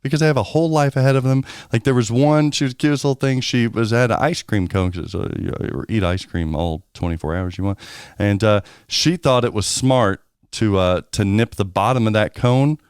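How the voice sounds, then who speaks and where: A man's voice: on the low side, a little fast, darkish tone, clear, resonant tone, dry recording, studio quality. A man co-hosting a podcast in casual chat, candid, rambling and joking. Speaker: podcast co-host.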